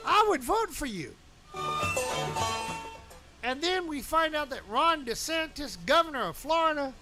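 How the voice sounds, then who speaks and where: Radio morning host, male, very high voice, animated riffs, loud music bed behind. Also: normal speed. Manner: animated, riffing, chanting and shouting in bursts. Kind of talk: loose on-air banter and ranting. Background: music playing.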